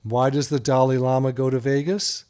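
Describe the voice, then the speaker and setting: A man's voice: medium pitch, level tone, moderate pace, darkish tone, clean tone. A man hosting a talk radio show, joking and telling stories in a casual, playful way. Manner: playful, joking, teasing his co-host. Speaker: radio show host, doctor.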